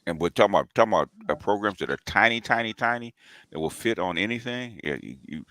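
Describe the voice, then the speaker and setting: A man with a very low voice that swings widely in pitch, chatting loosely on a stream. He rambles and restarts often. The sound is dry and close, with no room around it. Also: expressive, quick pace, pushed and bright, dry recording. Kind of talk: casual livestream chat.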